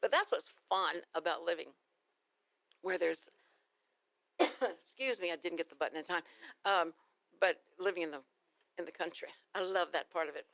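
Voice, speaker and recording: A woman's voice: on the low side, moderate pace, gravelly, pauses often, a bit bright. Chatty Texan woman radio host. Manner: rambling, storytelling, laughs easily. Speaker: radio talk show host. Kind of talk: casual morning radio chat. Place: radio studio. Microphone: studio microphone.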